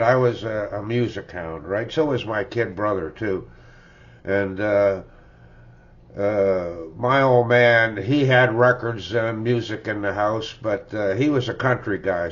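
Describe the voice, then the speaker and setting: An older man who vlogs about his music collection rambles casually about records, chuckling and tagging lines with "eh?". His voice is fairly low. The home recording sounds dull and lo-fi.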